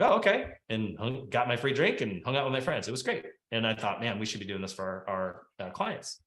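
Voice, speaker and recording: A man teaching a webinar talk on real estate marketing, lively and conversational, acting out quick phone dialogues. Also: mid-range voice. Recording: echoey room.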